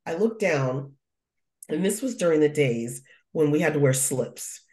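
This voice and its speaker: Middle-aged woman from the US telling a funny family story, lowish voice, echoey room. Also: moderate pace. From United States. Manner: animated storyteller, acts out her own thoughts. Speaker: guest. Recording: roomy echo.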